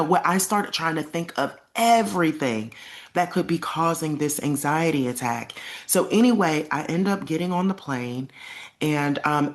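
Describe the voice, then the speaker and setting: A young adult woman telling a personal story to camera in a casual, emphatic way, acting out the lines she quotes. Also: low voice. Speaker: vlogger.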